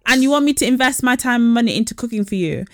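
A woman's voice: on the high side, animated, racing, dry recording, clean studio sound. A young woman co-hosting a podcast, chatting casually and telling stories bluntly with frank swearing. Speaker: podcast co-host. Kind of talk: casual chat.

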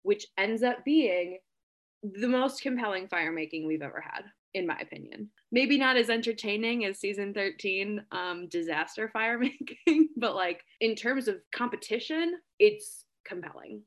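A woman hosting a casual group chat, speaking in a relaxed, measured way and inviting the others to chime in. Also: medium pitch. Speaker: podcast host.

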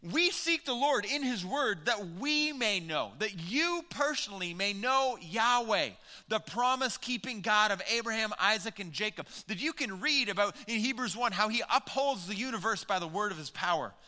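A man's voice: high-pitched, expressive, moderate pace, few pauses, pushed and bright. A man preaching a sermon as pastor, talking conversationally and putting questions to the congregation. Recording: long hall reverb.

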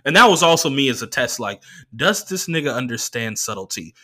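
Animated, profane man in his thirties. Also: mid-range voice, brisk. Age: 30s. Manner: profane, animated, laughing asides. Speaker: podcast host. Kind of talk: solo comedic storytelling.

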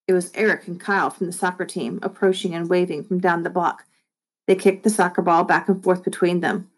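A friendly, expressive woman reading a chapter book aloud to children. She speaks straight to her young listeners in a warm read-aloud tone, giving the story lively shading as she goes. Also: lowish voice, normal speed. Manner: friendly, expressive, addresses kids directly.

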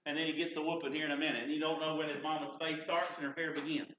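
A man preaching in a folksy, repetitive style, his voice high and bright. He leans on homespun stories. His voice rings out through an echoey church sanctuary. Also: little pitch movement, racing, a little hiss or hum. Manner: folksy, repeats "can I tell you what". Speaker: pastor. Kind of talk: sermon.

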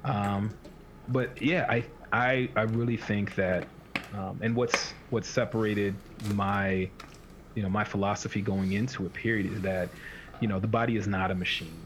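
A man's voice: lowish voice, steady tone, moderate pace. A man talking as a fitness coach in a casual podcast chat, rambling and acting out the inner voices of his clients. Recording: dull lo-fi sound with faint hiss.

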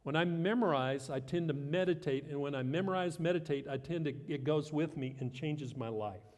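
A man's voice: fairly high pitch, normal speed, darkish tone, in a large hall. A middle-aged man preaching a sermon as pastor, conversational and self-deprecating with light humor.

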